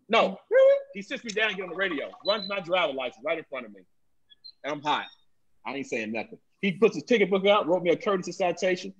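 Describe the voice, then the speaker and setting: A husky-voiced man pitched a little above the usual range, talking as a police officer on a panel. He tells his stories with force and repeats phrases for weight. The audio sounds dull and lo-fi. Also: fairly bright tone. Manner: emphatic storytelling with repeated phrases. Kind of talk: candid panel discussion.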